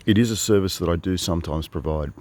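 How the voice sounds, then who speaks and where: A man's voice: deep voice, fast, darkish tone. A man in his fifties with an Australian accent, telling a meandering, wry story in casual spoken monologue. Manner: meandering, wry, full of asides and restarts. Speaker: travelling storyteller.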